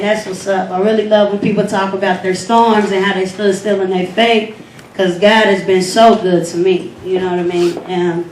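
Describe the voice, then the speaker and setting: A woman's voice: mid-range voice, recorded from a distance, a little hiss or hum. A young woman hosting a poetry slam and performing her own spoken word poem with a rhythmic, earnest and devotional delivery. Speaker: poetry slam host and poet. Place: event hall. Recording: echoey hall recorded from afar.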